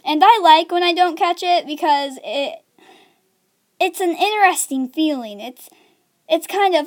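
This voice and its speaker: Young woman, high-pitched, casual rambling vlog delivery with giggles and fillers. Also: animated, measured pace. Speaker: video creator giving writing tips. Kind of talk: casual chat to camera.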